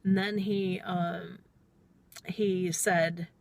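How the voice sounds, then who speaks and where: A woman's voice: fairly low pitch, flat delivery, extremely slow, vocal fry, a little hiss or hum. A middle-aged woman taxi driver telling a story in a chatty, rambling way, often quoting herself with "I'm all". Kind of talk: casual storytelling vlog.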